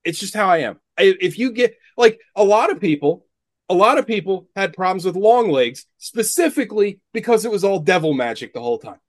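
A man's voice: sits high, expressive, a little fast, no room sound. A man co-hosting a casual podcast, ranting about a film in a profane, exasperated way. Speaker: podcast co-host. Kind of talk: casual movie-review chat.

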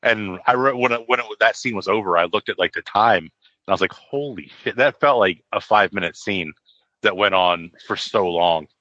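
A man's voice: lowish voice, a little fast, pushed and bright, no echo, muffled recording. A man in casual conversation about a film, talking enthusiastically with many fillers. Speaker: podcast co-host.

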